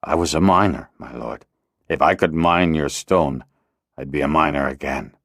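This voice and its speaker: A shunned, cunning miner, voiced by a male audiobook narrator who pleads humbly. His very low voice stays soft and submissive. The sound is dry and close. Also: moderate pace, no echo, full character voice.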